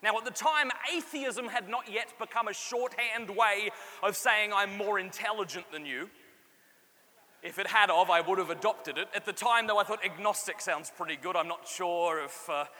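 A man's voice: high voice, normal speed. A man, giving a humorous faith testimony to a live audience and acting out the characters. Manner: animated storyteller, acts out voices and jokes. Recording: long hall reverb, faint room noise.

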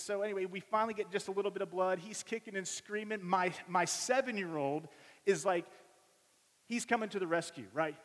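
Man, 30s, pastor, animated sermon storytelling, slightly high voice, long hall reverb. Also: fairly quick. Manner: animated storytelling, acts out voices of family members. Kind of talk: sermon with personal stories.

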